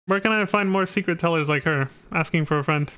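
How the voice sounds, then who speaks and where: A man's voice: on the high side, quick pace. A man streaming a video game live, giving irreverent, joking commentary with plenty of swearing. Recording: loud game music behind.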